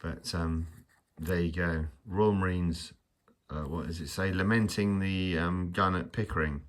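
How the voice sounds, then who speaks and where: A man's voice: low voice, unhurried, sharp tone. A man hosting his own channel, chatting casually about a book in a rambling, stammering, self-mocking way with frequent asides. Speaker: channel host.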